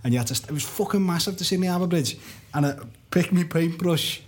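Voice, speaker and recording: A man's voice: on the high side, quick pace, slightly rough. A man in a casual podcast chat telling an anecdote, laughing through it and swearing freely.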